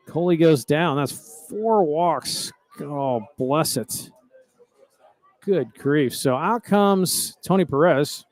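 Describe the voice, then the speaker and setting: A man's voice: a little high, expressive, slow, dry recording. A middle-aged man, calling a baseball game in a folksy, chatty, rambling way. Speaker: play-by-play announcer. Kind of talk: baseball commentary.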